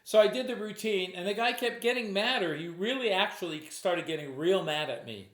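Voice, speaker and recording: A man's voice: high-pitched, expressive, a little fast, a bit bright, roomy sound. A stage hypnotist telling a true story from his shows in a casual, conversational way, often quoting himself. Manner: conversational, with restarts and acted quotes.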